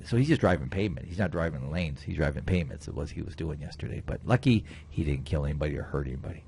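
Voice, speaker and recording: A man, a county sheriff, telling a story in a folksy, animated way on a radio show in a studio. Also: extremely low pitch, quick pace, vocal fry, breathy edge.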